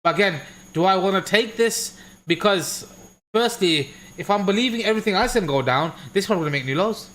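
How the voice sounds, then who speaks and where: A man's voice: high-pitched, expressive, a little fast, fairly bright tone. A man with a Birmingham accent casually talking through crypto charts on a live stream, chatty and joking, swearing at the chat now and then. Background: washing machine noise.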